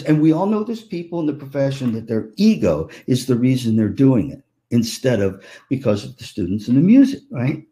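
A man's voice: mid-range voice, dark tone. A man giving a conference keynote, telling stories playfully and acting out family members' voices. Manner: playful, jokes with audience. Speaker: keynote speaker.

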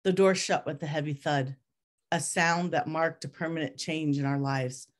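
A woman author reading her own memoir aloud in a measured, reflective, steady way. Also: low-pitched.

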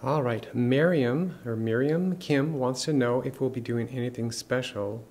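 A man co-hosting a live stream, briskly reading viewers' questions aloud to the host. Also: mid-range voice, a little mellow.

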